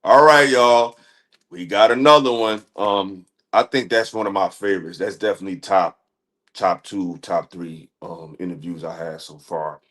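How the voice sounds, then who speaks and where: A man's voice: deep voice, normal speed, a bit bright. A man hosting a live stream, talking casually to his audience in loose slang with many fillers. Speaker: livestream host.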